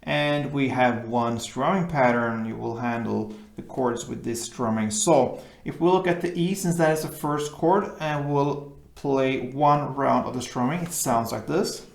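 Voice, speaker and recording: A man with a gravelly, creaky voice talks unhurriedly through an acoustic guitar tutorial. He explains each chord shape patiently, one step at a time. The room adds a noticeable echo around him. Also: medium pitch, unhurried. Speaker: guitar teacher.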